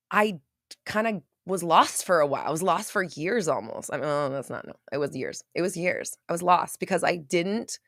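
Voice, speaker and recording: A woman's voice: mid-range voice, no echo, clean studio sound. A woman hosting a casual livestream as a manifestation coach, chatting, laughing often and reading viewer comments aloud. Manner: chatty and animated, laughs often, frequent fillers and some swearing. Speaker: manifestation coach and show host.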